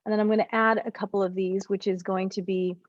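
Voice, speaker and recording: A woman's voice: mid-range voice, quick pace, no room sound. A woman coach leads a group session over a video call, talking through ideas in loose, rambling bursts and correcting herself mid-sentence. The audio is a little dull and dry, with no room sound. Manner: rambling, self-correcting, animated explanations. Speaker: relationship coach.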